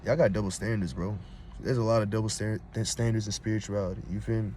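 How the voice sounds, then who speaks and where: A man with a fairly low voice delivers a streetwise spiritual rant to his viewers. He is blunt and unfiltered and keeps checking in with "you feel me". A faint noise sits under the recording. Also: fairly even intonation, quick pace. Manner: gets loud and heated when arguing. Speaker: vlogger on spirituality. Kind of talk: casual preachy monologue.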